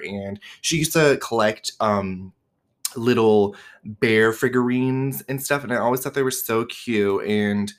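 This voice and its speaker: Young man, podcast host, casual monologue, lowish pitch, candid, frequent fillers and cursing. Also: fairly bright tone. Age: 20s. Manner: chatty, candid, swears freely, many "like" and "um".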